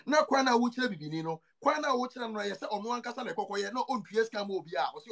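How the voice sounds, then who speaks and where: Fast, high-voiced Ghanaian man, gravelly. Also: fairly bright tone. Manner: emphatic, repeats points, mixes two languages. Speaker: show host. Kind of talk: casual podcast chat.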